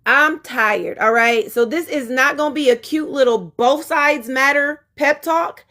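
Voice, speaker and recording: A woman's voice: sits high, unhurried, pushed and bright. A woman relationship coach chatting frankly on her live stream, laughing easily between exasperated asides. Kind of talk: casual live-stream talk.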